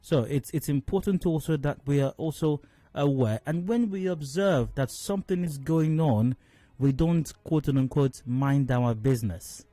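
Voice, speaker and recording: Man, Nigerian accent, radio talk host, measured commentary, fillers and restarts, dry studio voice. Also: on the high side, dark tone, dry recording.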